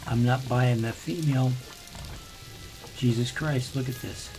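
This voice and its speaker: A man's voice: medium pitch, fairly even intonation, unhurried, over music. Grumbling older man. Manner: rambling, grumbling asides. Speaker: let's play host. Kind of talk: casual gameplay commentary.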